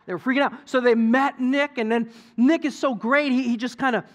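A middle-aged male pastor preaching a sermon in a conversational, animated storytelling way, acting out quotes from people. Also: very high voice, fast talker, hardly any pauses.

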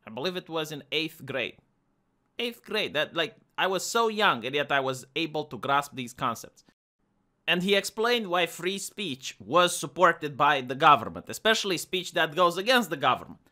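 A Romanian live streamer with a Romanian accent talks in a fairly high, sing-song voice at a moderate pace, his tone sharp. His casual monologue is argumentative, and he often repeats words as he restarts.

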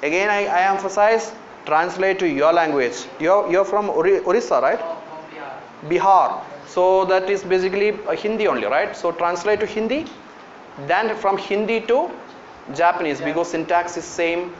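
A man with an Indian English accent lectures a classroom in a high voice, drawing students in with frequent fillers and questions. The sound is lo-fi and roomy, with a faint hiss behind it. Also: moderate pace. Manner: coaxing, calls on students, many fillers. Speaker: university lecturer teaching Japanese. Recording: echoey lo-fi classroom recording.

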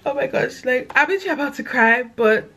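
Excitable young woman with a London accent. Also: brisk. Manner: excitable, gushing, animated swings in pitch. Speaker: content creator. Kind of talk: casual vlog chat.

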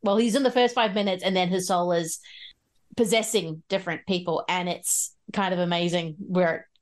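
A woman's voice: fairly low pitch, fairly even intonation, normal speed. A woman hosting a podcast over a video call, chatting casually and laughing often. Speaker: podcast host. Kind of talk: casual chat.

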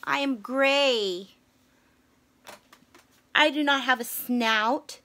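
A gentle, sorry young storybook elephant, as a woman reading aloud puts him on. He talks slowly and earnestly. The voice is high and bright. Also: a little hiss or hum, full character voice. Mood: sad. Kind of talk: children's storybook read-aloud.

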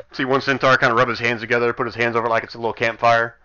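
A man's voice: mid-range voice, bright, forceful tone, clear, resonant tone. A man running a tabletop game online as game master, wry and amused as he narrates the monsters' turns. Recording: dull lo-fi voice chat audio.

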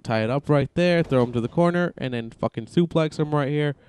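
Excitable young man commentating a wrestling game. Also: on the high side, brisk, slight background noise. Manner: excitable, joking, swears often. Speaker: gaming channel host. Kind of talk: casual gameplay commentary.

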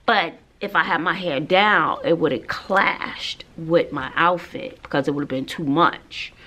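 A woman's voice: lowish voice, fairly bright tone, slight background noise. A woman teacher, chatting sassily to her viewers in a casual vlog, talking to them like girlfriends. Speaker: middle school teacher.

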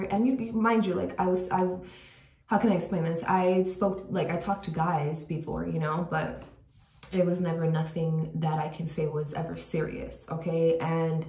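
Young woman rambling thru a story w lots of likes, lowish voice, kinda far from the mic in an echoey bathroom. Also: flat delivery, moderate pace, mellow. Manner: chatty, many "like" fillers, drops to a whisper at times. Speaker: vlogger. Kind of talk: casual storytelling. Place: bathroom at home. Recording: echoey room, voice a bit off-mic.

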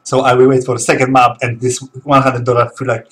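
A man's voice: medium pitch, completely flat delivery, fairly quick, fairly bright tone. A man gaming and trash-talking his opponent in broken English, laughing and teasing. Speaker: pro gamer streaming a match. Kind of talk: trash-talking banter during play.

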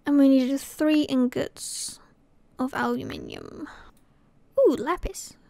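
A woman's voice: high voice, huge pitch swings, takes it slowly, creaky, warm tone, dry recording. A woman from Scotland commentating her gameplay casually, muttering to herself and often dropping to a whisper. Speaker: gaming channel host.

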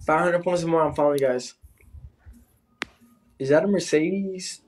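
A man's voice: on the high side, moderate pace, a little mellow. A man on a casual livestream who taunts his rival and calls out to his viewers. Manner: taunting, teasing, calling out to viewers. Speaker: livestreamer in a live battle.

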